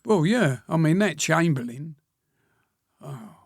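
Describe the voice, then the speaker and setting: 100-year-old man, gravelly, a bit high, plain-spoken, pauses and clears throat, reminiscing. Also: expressive, no echo, studio quality. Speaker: guest, war veteran. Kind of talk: reminiscing interview answers.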